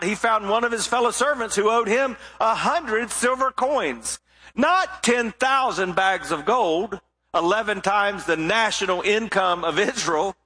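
A male pastor preaching with a high, bright, ringing voice. He tells the story with lively expression and now and then sinks into hushed, weighty emphasis. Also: slightly rough. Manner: expressive storytelling delivery with sudden drops to quiet emphasis. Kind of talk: sermon.

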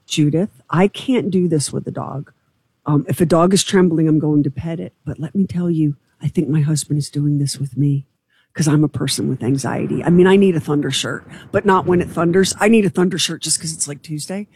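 A woman co-hosting a podcast in casual chat, animated and self-deprecating, with frequent exclamations. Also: low-pitched, fairly quick, breathy edge, dry recording. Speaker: podcast co-host.

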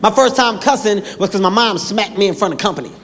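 A man telling stand-up stories on a comedy stage, animated, acting out voices and bursting into shouts. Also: high voice, fast talker. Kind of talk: stand-up storytelling. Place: comedy stage before a live audience. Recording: echoey hall with a live crowd and noise.

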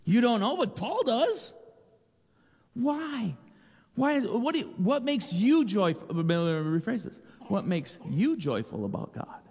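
A man giving a playful children's sermon with a naturally loud voice, asking the kids questions and joking with them. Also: high-pitched, sing-song, measured pace, slightly rough, long reverb tail. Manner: playful, asks children questions, repeats jokes.

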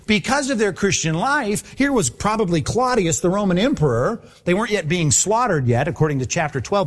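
Lively conversational male preacher. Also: fairly high pitch. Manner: animated, conversational preaching with acted-out voices. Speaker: pastor. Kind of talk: sermon.

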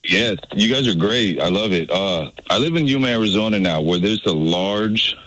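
A man calling in to a sports radio show speaks in a lowish voice with lively ups and downs. He is blunt, opinionated and deadpan. The line sounds close and dry. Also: moderate pace, no echo, muffled recording. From United States. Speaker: caller.

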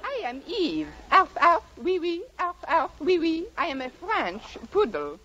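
Coy French poodle, put-on French accent, high and lively, dull radio sound, loud hiss. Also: female voice, unhurried. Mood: coquettish. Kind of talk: 1940s radio comedy acting.

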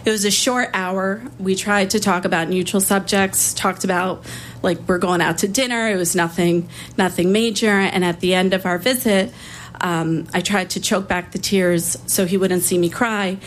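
A woman public defender telling a personal story in a conversational way, with small restarts and pauses. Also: mid-range voice, steady tone, slight background noise.

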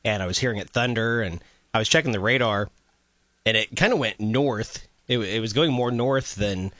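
A man's voice: on the low side, normal speed, fairly bright tone, dry recording. A man hosting a morning radio show, playful and joking in casual chat. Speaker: radio host. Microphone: studio microphone.

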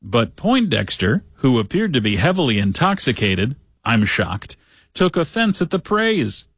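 A man hosting a talk show, reading a news story aloud with sarcastic asides and lively quoting. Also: mid-range voice, unhurried, no echo. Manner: sarcastic, animated when quoting others. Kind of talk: casual commentary reading news.

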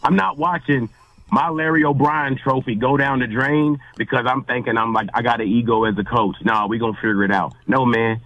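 A man co-hosting a sports talk show, emphatic and theatrical, swinging from low grumbles to high exclamations. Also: steady tone, brisk, dry recording, highs cut off. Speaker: podcast co-host.

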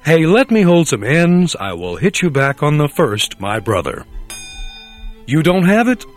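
A man's voice: fairly high pitch, sing-song, measured pace, soft background music. An actor playing a stuck-up, overly proper man in a comedic film sketch who repeats street slang. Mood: prim.

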